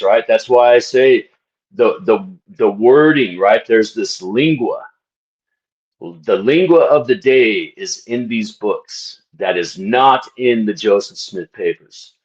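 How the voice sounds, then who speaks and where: Guy ranting slow and emphatic, keeps asking "right?", preachy mock sermon vibe, kinda muffled audio. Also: medium pitch, a little mellow. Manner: emphatic, repetitive, rhetorical questions, frequent "right?"; mock-preacher address to viewers. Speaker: channel host discussing a book. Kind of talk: casual commentary to camera.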